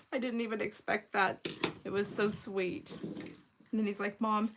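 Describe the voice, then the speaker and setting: A woman's voice: mid-range voice, steady tone, unhurried, background noise. A woman in her sixties hosting a crafting livestream, chatting casually and giggling as she narrates each step of her work. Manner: chatty, giggly, thinks aloud while working.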